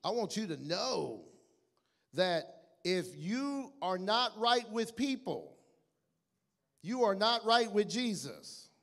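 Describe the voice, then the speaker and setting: A man preaching a passionate sermon as pastor, calling his congregation to repeat after him. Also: sits high. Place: church sanctuary. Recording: church hall reverb.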